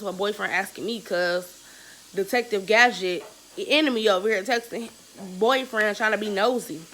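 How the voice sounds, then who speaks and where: A young woman vlogger telling a story in a casual, animated, slangy and profane way. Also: mid-range voice, moderate pace, low-quality recording.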